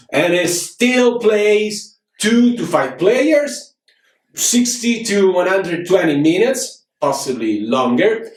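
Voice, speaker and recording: An animated man hosts a casual board game review. His voice sits a little high and comes from a distance, and the room around him sounds roomy. He talks with many fillers and restarts. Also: takes it slowly. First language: Italian. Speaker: board game show host.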